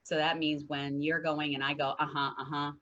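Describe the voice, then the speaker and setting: Woman co-host, lively storyteller, lowish voice, dull lo-fi livestream sound. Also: normal speed. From northern United States. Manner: animated storyteller, acts out quotes. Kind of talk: casual heartfelt discussion.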